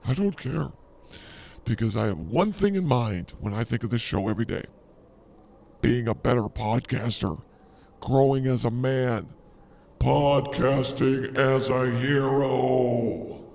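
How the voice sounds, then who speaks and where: Gravelly, boastful male podcast host. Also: mid-range voice, expressive, moderate pace, dark tone. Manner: boastful, mock-arrogant teasing. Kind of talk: comedic banter.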